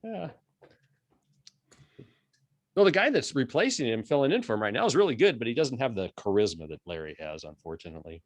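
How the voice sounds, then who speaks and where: A man's voice: mid-range voice, sing-song, brisk, pauses often. A man chatting casually with a radio host before the show, easily amused. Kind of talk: casual chat.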